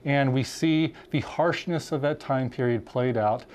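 Male Bible teacher, mid pitch, earnest and emphatic, speeds up and slows down to stress points. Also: darkish tone, a little hiss or hum. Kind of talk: teaching conversation, preaching.

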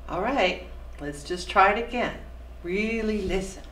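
A woman playing a friend who tutors French, slowly drilling syllables and losing patience. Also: mid-range voice, a bit bright, slight background noise, natural voice. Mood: coaching. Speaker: actor in a student film. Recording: echoey room from far off.

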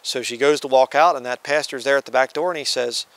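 A man's voice: mid-range voice, fast talker, fairly bright tone, dry recording. Guy preaching a bible lesson, talks casual, reads verses out, dry close mic. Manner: conversational, reads scripture aloud and acts out quoted voices. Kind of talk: sermon-style Bible teaching.

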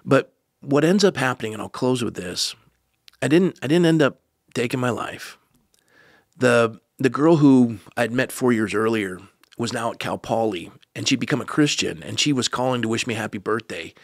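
A pastor, telling a personal story as a podcast guest, earnest with joking asides. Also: male voice, mid-range voice, lively intonation, moderate pace, no echo, clean studio sound. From United States.

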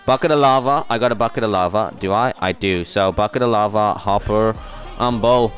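A young man live-streaming a building game, thinking out loud as he counts and gathers materials. He talks in loose, self-muttering bursts and breaks off to thank and answer his chat. Faint music plays underneath him. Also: fairly low pitch, a little fast. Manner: mutters to himself, counts aloud, sings along to music. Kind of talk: casual live-stream commentary while playing.

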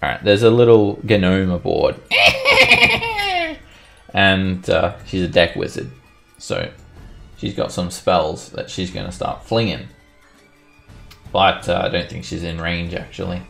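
A man's voice: low-pitched, measured pace, vocal fry, faint music behind. A man running a tabletop game as game master, narrating casually with chuckles and fillers.

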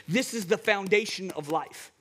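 A man with a high voice preaches a sermon, driving his points home through repeated phrases. His delivery is fervent and keyed up, climbing in intensity as he presses on. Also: normal speed, a bit bright. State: excited, wound up. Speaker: pastor.

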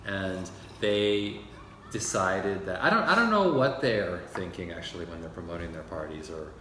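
A man's voice: deep voice, big pitch swings, moderate pace, pushed and bright, roomy sound, slight background noise. A man with a cold hosting a casual chat, teasing and prompting his co-host. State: sick with a cold. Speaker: podcast host.

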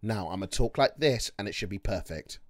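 Male streamer, swaggering and profane, lively up-and-down delivery, fairly high voice, dry close sound. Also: a little fast, no room sound. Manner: brash, profane, mocking. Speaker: livestreamer. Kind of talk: casual live-stream chat.

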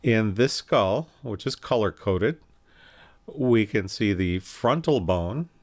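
An anatomy instructor gives a recorded lecture, calmly explaining and pointing through slides while occasionally correcting himself. His voice is lowish and his delivery slow.

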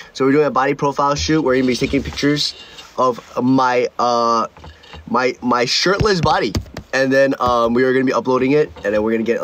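A man's voice: mid-range voice, a bit bright, a little hiss or hum. A young man on a livestream, telling a story in a rambling casual way, restarting and repeating words often. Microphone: own streaming mic.

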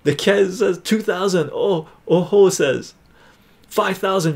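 A man's voice: high voice, slow pace, creaky. Chatty male live streamer. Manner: upbeat, chatty, reads viewer comments aloud; excited auctioneer calling bids. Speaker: streamer hosting a points auction. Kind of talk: casual live-stream chat.

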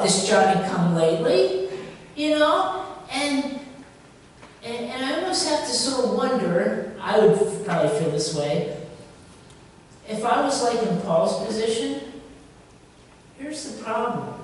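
A woman pastor giving a conversational sermon, lively and full of rhetorical questions. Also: fairly high pitch, a little hiss or hum. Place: church sanctuary. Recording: echoey church hall from far off.

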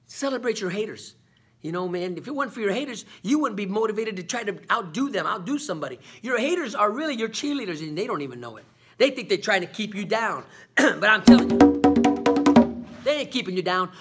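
Vlog host, man, high husky voice, preachy motivational delivery, peppers lines with "man". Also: a bit bright. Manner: preachy, repeats "man" and "come on"; call-and-response questions. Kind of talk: motivational talk to camera.

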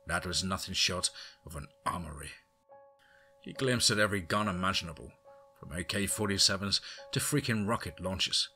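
Deep bright-toned guy reading a horror story, excited and chatty after, soft music behind. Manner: enthusiastic, effusive. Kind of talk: audiobook horror narration.

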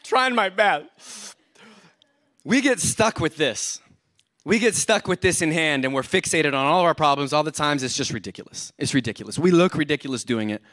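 A lively male pastor with a fairly high voice delivers a joking, energetic sermon. He slips into quick acted-out complaints between his points. The sound is close and dry, with almost no room echo. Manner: energetic, joking, self-described overcaffeinated; acts out everyday complaints in quoted voices. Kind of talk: humorous sermon.

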